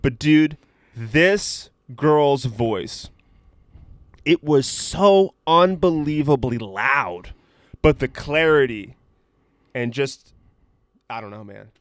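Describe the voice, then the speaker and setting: A man's voice: mid-range voice, animated, slow pace, pauses often, no room sound. A young man co-hosting a podcast, telling stories in a rambling, profane way full of "like" fillers. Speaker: podcast co-host. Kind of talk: casual chat.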